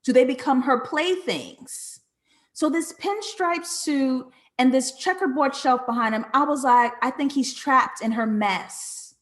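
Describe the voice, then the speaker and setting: A woman hosts a live streamed breakdown of a series, thinking out loud and answering her chat as she goes. Her voice sits a little high, and she delivers it in an animated, conversational way. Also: measured pace. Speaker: live show host reading chat comments. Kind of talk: casual live-stream commentary.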